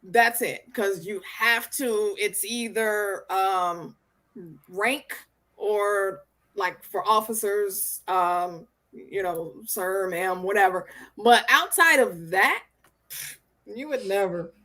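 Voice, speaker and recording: A woman's voice: medium pitch, slow pace, fairly bright tone. A woman co-hosting a casual panel chat, blunt and defiant. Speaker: co-host.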